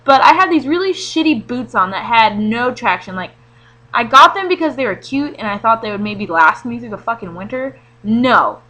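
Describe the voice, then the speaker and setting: Bright, sweary young woman vlogger. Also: a little high, animated, moderate pace, rough recording. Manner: sweary, rambling, self-mocking. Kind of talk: casual storytelling to camera.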